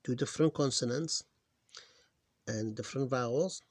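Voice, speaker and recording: A man teaching reading, slowly sounding out syllables one at a time, recorded on a close mic. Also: mid-range voice, no echo. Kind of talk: screen-recorded phonics lesson.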